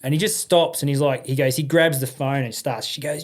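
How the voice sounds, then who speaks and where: An Australian man, a veteran guest, telling stories in a relaxed interview, swearing freely and acting out the people in them. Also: on the high side, moderate pace. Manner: swearing, animated anecdote-telling with laughs. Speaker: podcast guest, army and police veteran. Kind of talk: casual storytelling interview.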